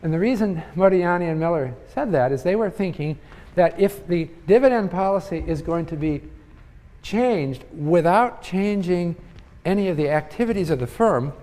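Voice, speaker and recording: An older man, an economics professor, talks through a university lecture in a high, mellow, expressive voice at a moderate pace. He muses aloud with frequent fillers and restarts, and the large lecture hall leaves a long reverb on the recording.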